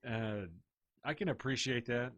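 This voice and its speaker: A man's voice: mid-range voice, a little slow, a bit bright. A man who produces a podcast, chiming in with brief, dry asides in casual chat.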